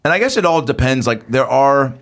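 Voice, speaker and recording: A man in casual podcast chat, tossing off quick jokes as a comedian guest. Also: mid-range voice, animated. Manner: quick jokey banter.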